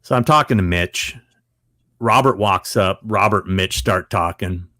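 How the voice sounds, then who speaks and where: A man guest on a podcast, telling casual stories with lively acted-out dialogue and frequent laughter. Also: low voice, a little slow, no echo, clean studio sound. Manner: animated storyteller who acts out quoted dialogue. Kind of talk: casual anecdote storytelling.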